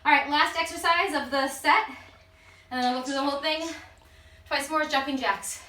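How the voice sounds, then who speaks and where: A woman's voice: high-pitched, moderate pace, pushed and bright, a little hiss or hum. A woman leading a follow-along workout, out of breath, counting reps aloud and cheering the class on. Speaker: fitness instructor. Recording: roomy sound from a distance.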